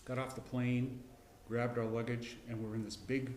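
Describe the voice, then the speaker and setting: A middle-aged man teaching a casual Bible class, folksy and rambling, with frequent restarts and throat clearing. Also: mid-range voice, flat delivery, normal speed, a little mellow, echoey room. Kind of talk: casual Bible lesson with personal story. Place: church classroom.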